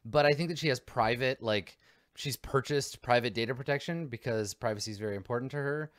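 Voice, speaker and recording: A man's voice: medium pitch, a little fast, fairly bright tone, no echo, clean studio sound. A man narrating as game master of a tabletop role-playing game, rambling with lots of fillers.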